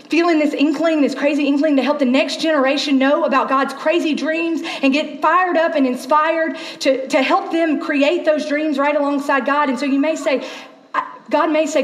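A woman pastor delivers a sermon in a high voice, conversational and lively as she acts out little scenes. The recording carries the echo of a large church auditorium. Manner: conversational, animated storytelling with acted asides.

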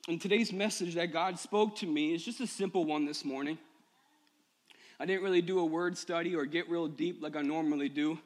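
A male pastor preaching a personal sermon to his church, moving from quiet confession to impassioned, rising appeals. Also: a little high. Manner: personal, builds to impassioned shouting. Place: church sanctuary.

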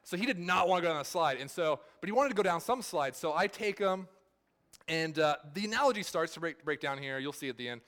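Casual, slightly high-voiced male pastor. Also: animated, fast, a bit bright. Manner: casual storytelling, many "like" fillers. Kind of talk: sermon.

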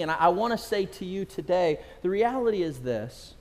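A middle-aged pastor from California preaches with a somewhat high voice, building his points through stories and repeated phrases. His sermon rings out with the long reverb of a large hall. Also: moderate pace, hardly any pauses. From California, USA. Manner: animated storytelling preacher, repeats phrases for emphasis.

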